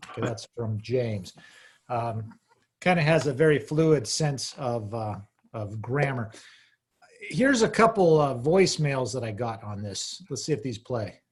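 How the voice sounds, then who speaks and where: A man's voice: mid-range voice, animated, measured pace. A man giving a talk on a video call, wry and casual with dry asides. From Arizona.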